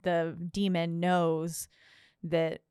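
A woman's voice: fairly low pitch, level tone, drawn-out words, dark tone, smooth, no echo, studio quality. A woman co-hosting a podcast, recapping a horror film in casual, filler-heavy chat while checking her notes. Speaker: podcast co-host.

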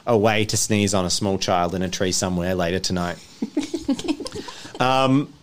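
A man's voice: low-pitched, flat delivery, fast. A young man narrating as game master on a tabletop game stream, chuckling as he goes. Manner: chuckles through his narration.

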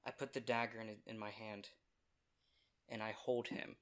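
A man's voice: fairly low pitch, level tone, normal speed. A man playing a tabletop game, talking casually and a bit hesitantly. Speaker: player.

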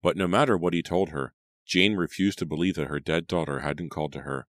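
A man reading a horror story aloud as an audiobook narrator, in a measured storytelling manner. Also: low-pitched, fairly even intonation, no room sound, clean studio sound. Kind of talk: scripted narration.

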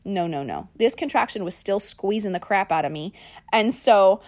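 A woman podcast host, telling a personal story in a lively way and calling her listeners y'all and guys. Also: medium pitch, moderate pace. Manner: animated, acts out quoted lines.

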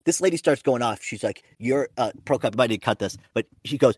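Young new dude on a podcast, rambly, swears a lot, mid voice, dead dry mic. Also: male voice, mid-range voice, expressive, brisk, hardly any pauses, slightly rough, no echo. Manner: rambling, profane, self-interrupting anecdotes. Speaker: podcast host and stand-up comic. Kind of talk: casual podcast storytelling.

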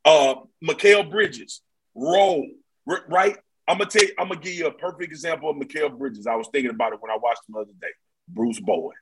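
A man's voice: a little high, fairly quick, noisy background. A man talking basketball in a casual, slangy, emphatic way on a podcast. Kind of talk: casual sports chat.

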